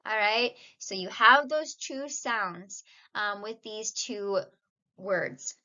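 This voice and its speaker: A woman's voice: mid-range voice, takes it slowly, bright, forceful tone, dull audio. A woman teaching a casual video lesson, patiently explaining and mixing Spanish words into her English.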